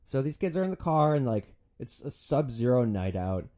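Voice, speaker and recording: Brief: young guy, comic storyteller, swearing freely, animated delivery, warm mellow voice. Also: mid-range voice, moderate pace. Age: young adult. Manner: sardonic, profane, animated. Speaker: podcast host, former rideshare driver. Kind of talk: comedic storytelling monologue.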